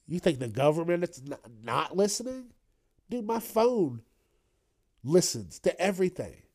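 Slow, rambling, foul-mouthed man. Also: high voice, very animated, darkish tone. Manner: rambling, profane, joking asides. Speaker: podcast host. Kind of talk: casual solo news commentary.

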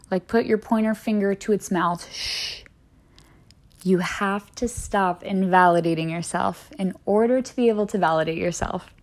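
A woman's voice: mid-range voice, a little mellow. Female solo podcast host, encouraging and conversational, mid-range voice. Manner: earnest, encouraging, chatty with many "like"s. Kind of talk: solo wellness podcast talk.

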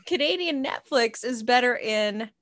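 High-voiced, slow-talking woman. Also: animated, a bit bright. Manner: laughing often, blunt swearing. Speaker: podcast co-host. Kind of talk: casual comedy chat during a card game.

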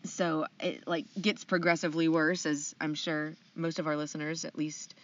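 A woman's voice: low voice, normal speed. A woman co-hosting a podcast, telling a story in a rambling way, full of likes and ums. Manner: rambling, lots of likes and ums, grows animated. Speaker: podcast co-host. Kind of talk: casual storytelling chat. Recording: distant, dull lo-fi sound.

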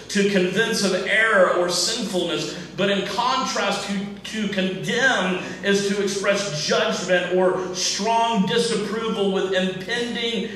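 A male pastor preaching a sermon in a church, speaking deliberately in short phrases, often repeating and restarting words. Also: sits high, pushed and bright, a little hiss or hum. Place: church sanctuary. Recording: echoey church from far off.

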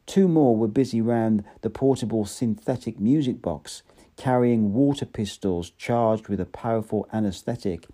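Dark-voiced man reading aloud. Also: lowish voice. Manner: unpolished reading with slips and restarts. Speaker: narrator. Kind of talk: audiobook reading.

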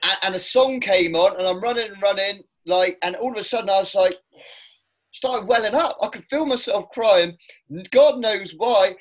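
Casting: man, middle-aged, higher voice, blunt animated storyteller, casual podcast chat. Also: moderate pace.

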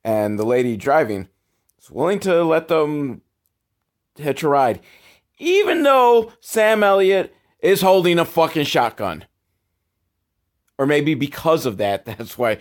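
A man hosting a sarcastic comedic movie recap, with wry, deadpan asides, casual swearing and chuckles. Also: medium pitch, unhurried. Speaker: show host recapping a film.

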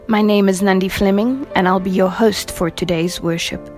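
A woman hosting a devotional talk, opening with prayer and then speaking in an earnest, gentle, reflective way, her voice softening at the ends of phrases. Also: mid-range voice, fairly even intonation, normal speed, faint music behind. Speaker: devotion host.

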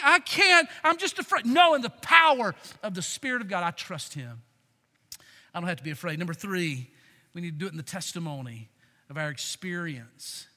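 Bright-voiced, emphatic male preacher. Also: sits high. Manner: emphatic, calls for congregation response. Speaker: pastor. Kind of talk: sermon. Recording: long hall reverb.

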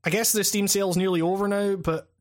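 A Scottish man talks on a podcast in a loose, rambling way. His voice sits a little high for a man. He piles up fillers, restarts and casual swearing as he thinks aloud. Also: fairly even intonation, quick pace. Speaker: podcast co-host and video essayist.

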